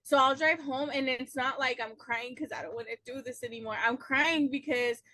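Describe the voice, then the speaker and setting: A woman's voice: high-pitched, fairly even intonation, moderate pace, sharp tone, no echo. A woman guest, a business owner, chatting casually, giggly and tired. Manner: giggly, laughs often. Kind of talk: casual chat.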